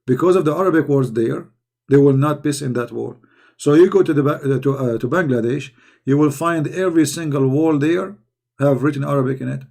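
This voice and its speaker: Hoarse man with a somewhat high, gravelly voice delivers polemical commentary in halting English. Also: a little mellow. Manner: heated, rhetorical questions, halting non-native English. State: hoarse, losing his voice. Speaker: online commentator. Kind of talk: polemical commentary while reading texts aloud.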